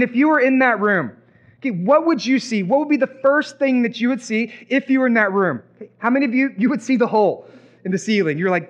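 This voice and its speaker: A man preaching a sermon as pastor, animated and acting out imagined reactions. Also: very high voice, dull audio.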